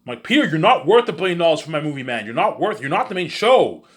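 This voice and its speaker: A man's voice: a little high, very animated, fast. A man rambling in a casual monologue, repetitive and boastful. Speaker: monologue host.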